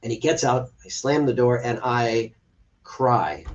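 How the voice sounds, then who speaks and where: A man recounts a personal story as a guest on a podcast, slipping into the voices of the people in it. His voice sits at a middle pitch and sounds set back from the mic, with a dull, muffled lo-fi tone. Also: measured pace, recorded from a distance. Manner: animated storyteller who acts out quoted dialogue. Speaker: foster dad guest.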